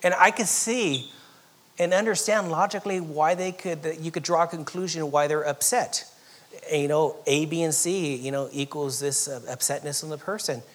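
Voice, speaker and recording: A man from Southern California preaching a sermon, swinging from loud emphatic lines to soft, almost whispered passages, with chuckles along the way. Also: on the high side, steady tone, normal speed. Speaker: pastor.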